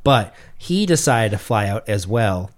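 Speaking on the low side and a little slowly, this podcast co-host is a young man from Massachusetts. He spins animated stories casually and swears a lot.

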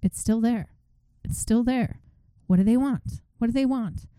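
A man's voice: very high voice, a little slow, mellow, smooth, dry recording. Woman retelling a frightened hypnotized man. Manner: panicked, repeating himself. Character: frightened middle-aged man under hypnosis.

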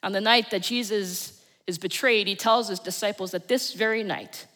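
A woman's voice: mid-range voice, fairly even intonation, normal speed. New Jersey woman preaching in reverberant church. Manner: storytelling, dramatic swings in loudness. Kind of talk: sermon.

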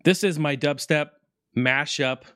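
A man ranting excitedly to his viewers about retro game consoles, swearing freely and talking straight to the audience. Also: a little high, a little slow, clean tone, no echo, studio quality. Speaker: gaming video creator. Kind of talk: excited casual rant to camera.

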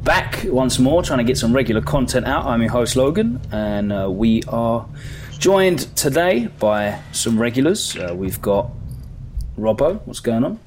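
A young man hosting a casual podcast, relaxed and chatty with lots of filler words. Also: medium pitch, measured pace, a little hiss or hum. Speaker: podcast host.

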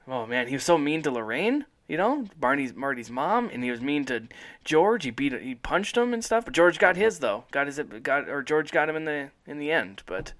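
A man's voice: a little high, sing-song, normal speed, a bit bright. A man hosting a casual podcast chat, rambling enthusiastically and laughing often. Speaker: podcast host.

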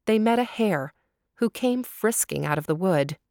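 A woman reading a storybook aloud, lively and unhurried. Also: medium pitch, dry recording, clean studio sound. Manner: slow and lively.

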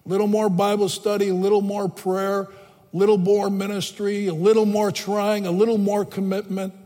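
A man's voice: sits high, flat delivery, normal speed, dark tone. A man preaching a sermon as a pastor, emphatic and repeating phrases for stress. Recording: long reverb of a large hall.

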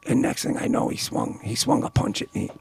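A man of around sixty, a guest and author, telling a story in a casual, animated way, often laughing and restarting his words. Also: brisk.

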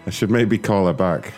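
A young man makes prank phone calls, laughing a lot and talking crudely in a mocking way while adding casual commentary. His voice is low with a darkish tone.

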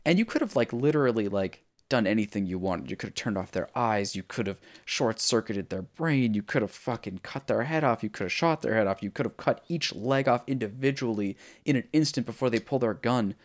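A podcast co-host with a medium-pitched, expressive voice talks fairly quickly and barely pauses. He's casually retelling a video game story, rambling along with plenty of swearing and filler words.

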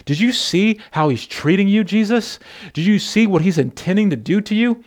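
A man's voice: high-pitched, expressive, normal speed, a little mellow. A man voicing a hot-headed male disciple who protests in an exasperated way. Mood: indignant.

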